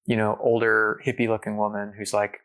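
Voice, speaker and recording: A man's voice: fairly low pitch, a little fast, clear, resonant tone. A man telling a long personal story in casual conversation, full of fillers, acting out what people said. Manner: animated storyteller, many fillers, acts out quotes.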